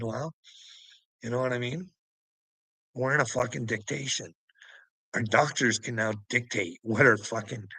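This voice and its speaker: Gravelly, husky man ranting profanely. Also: medium pitch, bright, forceful tone, no room sound. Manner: swears constantly, rambling and preachy. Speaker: vlogger. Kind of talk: profane rambling monologue to camera.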